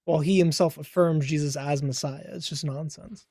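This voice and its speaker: A man with a fairly high voice joins a casual online chat as a guest. He makes quick, dismissive rebuttals. His sound is dry, close and free of room echo. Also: steady tone, a little mellow.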